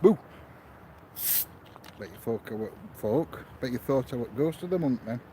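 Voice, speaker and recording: A man chats casually as he hosts a live stream outdoors, greeting viewers one by one. His voice sits at a middling pitch. A faint hiss runs under the recording. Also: lively intonation, a little fast, mellow, rough recording. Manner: chatty, greets viewers by name. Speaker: paranormal investigator streaming live.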